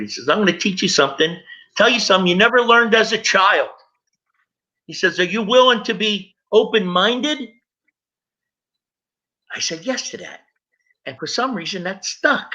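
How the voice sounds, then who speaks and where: A man's voice: high voice, pushed and bright, highs cut off. A middle-aged man sharing his recovery story in an earnest personal testimony, speaking straight to his listeners.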